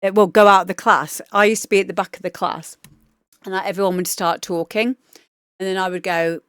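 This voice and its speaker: A chatty woman reviews music demos live, upbeat and loose, swearing casually as she talks. Her voice is smooth and clear at a mid pitch. It's recorded close on a dry streaming mic in a small home room. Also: fairly even intonation, normal speed, no room sound. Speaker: DJ giving feedback on listener demos. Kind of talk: casual livestream chat.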